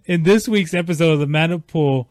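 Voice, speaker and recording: This man reads out a podcast's rundown in a halting way. His voice sits a little high and he fills the gaps with uhs. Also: dry recording, clean studio sound. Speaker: podcast co-host. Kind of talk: reading a show rundown.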